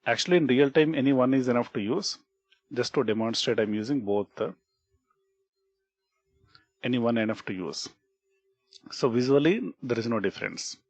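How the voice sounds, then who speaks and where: Man, Indian English accent, patient coding tutorial, mid pitch, dry close sound. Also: moderate pace, pauses often, a little mellow, no room sound. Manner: explanatory, repeats points, frequent "okay" and "right?", restarts words. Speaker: programming instructor. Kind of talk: screen-recorded coding tutorial.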